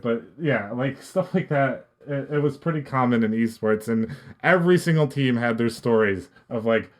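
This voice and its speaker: A young man and podcast guest, telling a casual story in a rambling way with many restarts. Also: medium pitch. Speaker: podcast guest, esports coach.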